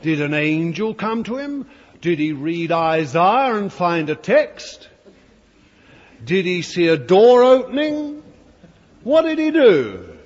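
He has a high, sing-song voice and a slow pace, preaching a fervent sermon to the congregation gathered in a church hall and turning to them with emphatic asides. The recording sounds dull and lo-fi, with a long hall reverb.

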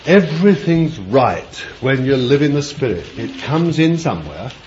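A man preaching a sermon, dramatic and deliberate, moving from quiet musing to loud cries and drawing out his words. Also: mid-range voice, big pitch swings. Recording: dull lo-fi recording with faint ambient noise.

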